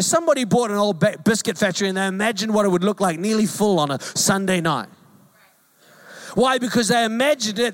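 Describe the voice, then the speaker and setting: A New man in his forties, a pastor giving a sermon in a conversational, joking way with emphatic repetition. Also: high-pitched.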